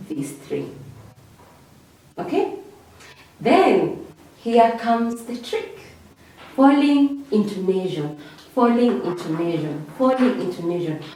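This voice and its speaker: Slow, lively teacher in an echoey room. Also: female voice. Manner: repeats key words, ends phrases with a high "okay?". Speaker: English teacher. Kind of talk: classroom revision lesson. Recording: echoey room, voice far from mic.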